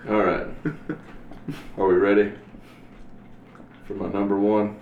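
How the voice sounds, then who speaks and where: A man co-hosting a casual podcast chat, relaxed as he leads the countdown. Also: on the low side, slow pace, phone-quality sound. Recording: echoey room with faint background noise.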